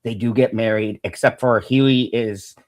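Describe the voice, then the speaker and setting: A man co-hosting a casual review podcast, talking fast and animated, swearing freely and laughing often. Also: lowish voice. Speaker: podcast co-host.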